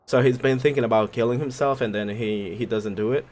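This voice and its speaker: A man hosting a gaming video, giving casual commentary that swears, laughs and reacts loudly. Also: medium pitch, steady tone, brisk. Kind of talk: casual let's play commentary.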